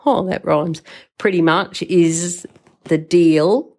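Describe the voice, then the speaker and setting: A woman's voice: low-pitched, slow. An older woman hosting a podcast, telling a story in an emotional, rambling way and swearing freely. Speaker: podcast host. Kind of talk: casual storytelling monologue.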